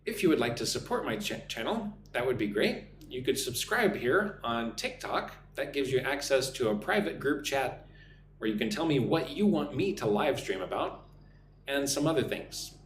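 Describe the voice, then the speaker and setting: A man from the United States teaching an English lesson on a live stream, speaking slowly and clearly for learners. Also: mid-range voice, very animated, echoey room, slight background noise. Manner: slow, clear drill phrasing for learners.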